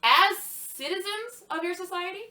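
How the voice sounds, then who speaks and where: A woman's voice: very high-pitched, moderate pace, sharp tone, roomy sound, slight background noise. A woman giving heated, profane commentary on a talk show, mocking as she rants. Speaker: podcast co-host. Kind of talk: ranting commentary.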